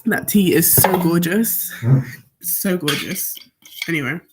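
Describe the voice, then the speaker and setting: A woman's voice: on the low side, slow, noisy background. A seventeen-year-old woman from Nigeria chatting casually on a study live stream, rambling as she answers questions from her viewers. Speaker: student streamer.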